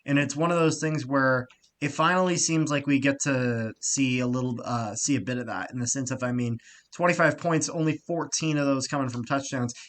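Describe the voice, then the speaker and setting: A man co-hosting a casual sports podcast, talking with lots of fillers, getting loud and excited and swearing freely. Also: medium pitch, fairly quick. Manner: frequent fillers and restarts. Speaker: podcast co-host.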